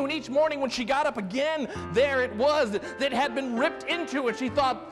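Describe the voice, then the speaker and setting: A man telling a folk tale live on a festival stage, animated and theatrical, with sudden loud bursts and slow drawn-out phrases. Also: high-pitched. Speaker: storyteller. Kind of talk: live dramatic storytelling. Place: festival main stage, large hall. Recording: live hall reverb with piano accompaniment. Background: improvised piano.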